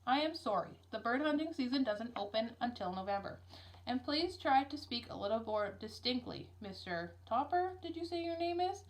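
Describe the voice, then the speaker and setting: A woman's voice: a little high, lively intonation, normal speed. A woman voicing a confused, overly formal male city hall clerk on the telephone in a storybook reading. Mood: prim.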